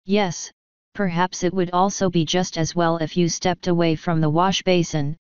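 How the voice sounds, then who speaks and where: A woman's voice: fairly low pitch, flat delivery, normal speed, a little mellow, smooth, no echo, dull audio, close to an everyday voice. A woman reading an audiobook, voicing a formal, unflappable male butler who politely says sir. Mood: deadpan. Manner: deferential, ends lines with sir.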